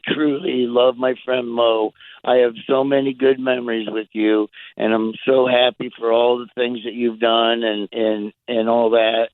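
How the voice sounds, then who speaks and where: A man's voice: mid-range voice, dry recording, narrow, tinny audio. A middle-aged man, a comedian guest, telling a rambling story in a casual interview, laughing and acting out the people he quotes.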